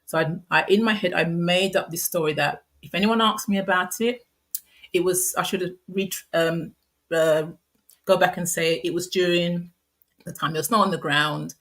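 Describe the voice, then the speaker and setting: Low-voiced woman telling a painful story. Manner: soft, halting, frequent restarts and fillers. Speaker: guest sharing a personal story. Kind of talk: candid personal storytelling.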